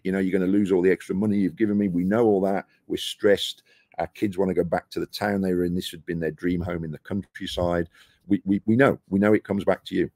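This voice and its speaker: Man, middle-aged, from the UK, low husky voice, dry close sound, animated storytelling. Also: no echo. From United Kingdom. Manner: lively anecdotes, acting out quoted dialogue. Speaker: guest, property investor. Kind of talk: casual interview storytelling. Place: rooftop terrace outdoors.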